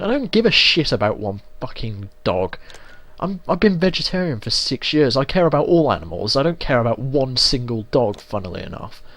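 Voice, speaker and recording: A man's voice: medium pitch, fairly bright tone, no echo. A young man from England giving casual, sweary, ranting commentary while playing a video game. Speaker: let's play gamer.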